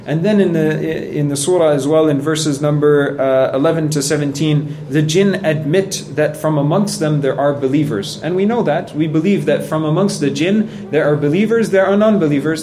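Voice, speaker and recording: Earnest man preaching in a slightly high voice. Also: brisk, hardly any pauses, a little mellow, a little hiss or hum. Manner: conversational storytelling with acted quotes; earnest, repeats points for emphasis. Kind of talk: sermon.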